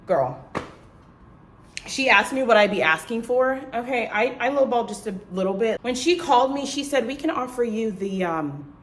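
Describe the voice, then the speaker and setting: A young woman vlogging to the camera in casual chat, telling a lively story and acting out what others said in a higher voice, checking in with "okay?" as she goes. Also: normal speed. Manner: animated storytelling, acts out quotes in a high voice; talks straight to viewers, tags lines with "okay?" and "girl".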